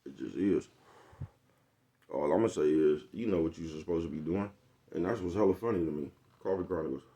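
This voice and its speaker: Low-voiced man in a rambling monologue. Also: brisk, warm tone. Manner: rambling, profane, keeps asking "you know what I'm talking about". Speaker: vlogger. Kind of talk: casual monologue.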